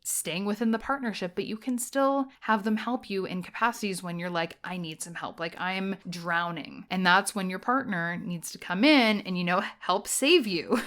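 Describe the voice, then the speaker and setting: A woman's voice: medium pitch, normal speed, a bit bright. Chatty young woman giving advice. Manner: chatty, lots of "like" and acted-out quotes. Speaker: podcast host and social media strategist. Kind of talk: casual advice talk.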